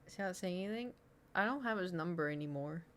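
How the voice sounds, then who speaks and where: A thirty-something woman from Oklahoma, USA, reads her old diary entries aloud on a stream, giggling, mocking herself and filling her chat with fillers. Her voice is fairly low and a bit bright, and she speaks fast and animatedly.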